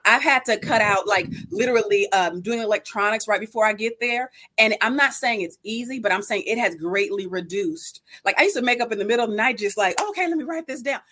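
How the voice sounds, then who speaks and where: A middle-aged woman speaking about faith in a casual conversation, animated and preachy, acting out her own thoughts and calling listeners girl and sis. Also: mid-range voice, brisk, hardly any pauses. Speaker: guest speaker.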